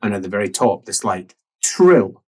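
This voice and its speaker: A man narrating a tabletop role-playing game as game master, in a musing way that drops to soft murmurs. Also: lowish voice, sing-song, moderate pace.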